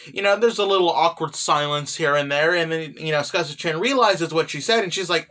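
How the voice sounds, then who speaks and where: High, bright-voiced young man recapping. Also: a little fast, hardly any pauses. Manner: rambling, full of "you know" and "right?". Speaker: manga recap YouTuber. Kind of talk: casual chapter recap.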